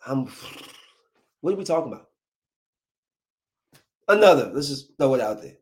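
A man's voice: mid-range voice, sing-song, normal speed, heavy background noise. A young adult man delivering a comic monologue, full of incredulous rhetorical questions. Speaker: comedian. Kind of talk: stand-up style comic monologue.

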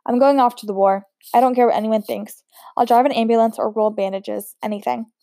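A defiant, bitter eighteen-year-old French girl, read aloud by a woman. Her voice sits fairly high but stays mellow. The sound is dry and close. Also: steady tone, fairly quick, no echo, lightly acted. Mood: grim.

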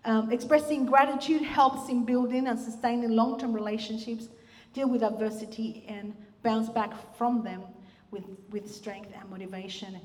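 Lady pastor preaching, kinda high voice, chatty, lots of ums, echoey hall. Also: fairly even intonation, moderate pace. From Australia. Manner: warm, conversational preaching with frequent restarts and fillers. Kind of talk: sermon. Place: church hall.

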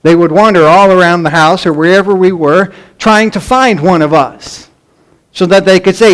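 Middle-aged male pastor with a high voice, animated sermon storytelling, imitates kids. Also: moderate pace. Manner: animated storytelling, acts out pleading children in a raised voice.

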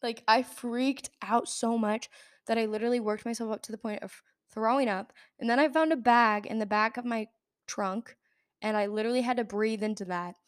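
A woman's voice: a little high, fairly even intonation, moderate pace. A young adult woman hosting a podcast, telling a personal story in a rambling, casual way full of fillers and restarts. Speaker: podcast host.

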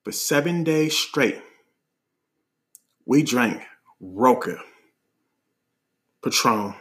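A man from Oakland with a Bay Area accent, telling a story on a podcast in an animated, slangy way, laughing often as he talks. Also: mid-range voice, drawn-out words. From Oakland, California. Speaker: podcast host. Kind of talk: casual storytelling.

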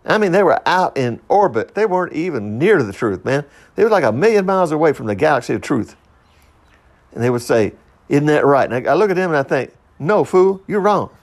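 Gravelly man rambling on a podcast. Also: very animated, fast talker. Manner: rambling, with frequent fillers and self-interruptions; swings between loud high bursts and low quiet asides. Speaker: podcast host. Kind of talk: rambling solo podcast monologue.

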